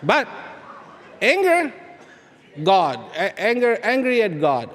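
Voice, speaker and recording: A man giving a live spiritual talk to an audience, firing rhetorical questions and repeating key words, swinging between loud emphasis and hushed asides. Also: sits high, huge pitch swings, slow pace, pauses often. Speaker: speaker addressing an audience. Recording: long hall reverb.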